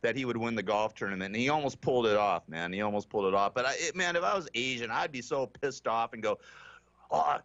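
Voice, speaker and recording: A man's voice: medium pitch, animated, fast, few pauses, fairly bright tone, no room sound. A man hosting a radio talk show, ranting brashly in casual talk and laughing often, heard through a dull, muffled broadcast.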